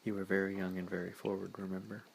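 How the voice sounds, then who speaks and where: A man voicing a polite, settled young married man in whispered role-play, with a soft, low whisper. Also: little pitch movement, quick pace, vocal fry, slight background noise.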